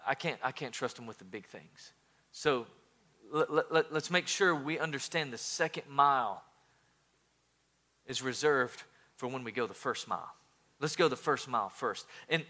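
A man preaching a sermon as pastor, animated, often repeating words and swinging between loud and soft. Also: medium pitch.

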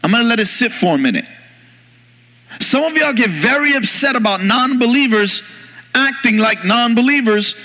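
A man preaching a sermon to his church as pastor, emphatic and rising in pitch as he presses his points. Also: pushed and bright. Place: church sanctuary. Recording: long reverb of a large hall.

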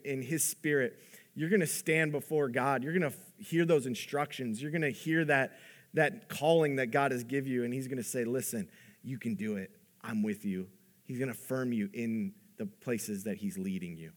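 A man preaching a sermon in an earnest, conversational way, his voice rising for emphasis and dropping low for the quiet points. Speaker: pastor.

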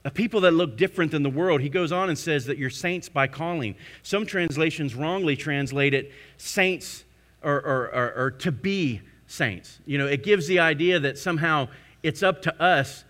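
Bright-voiced impassioned male preacher. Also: on the high side, normal speed. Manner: impassioned preaching, swinging from hushed to loud. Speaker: pastor. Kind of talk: sermon.

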